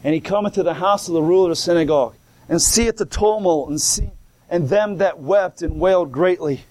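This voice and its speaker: A man's voice: high-pitched, brisk, darkish tone. A man preaching a sermon, reading old scripture wording and then explaining it in plain, colloquial talk, calling out praise as he goes. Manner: colloquial, repeats and restarts, calls out "come on now" and "glory".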